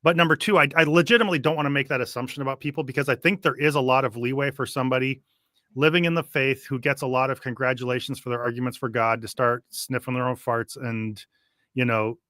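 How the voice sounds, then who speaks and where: A man hosting a casual reaction chat, talking in an animated, sarcastic way and laughing often. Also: mid-range voice, quick pace, dry recording, clean studio sound. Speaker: host.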